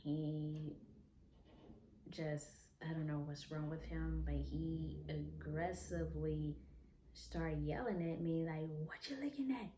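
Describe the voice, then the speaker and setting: A young woman vlogger telling a personal story in a soft, candid, unhurried way. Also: low voice, little pitch movement, background noise. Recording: echoey room, faint ambience.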